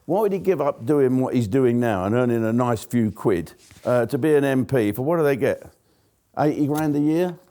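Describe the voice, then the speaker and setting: An older man rants bluntly through a jokey political monologue, mocking and laughing at his own quips. His voice sits dark and mellow at an ordinary pitch. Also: animated, normal speed. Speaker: show host. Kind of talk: casual political comedy monologue.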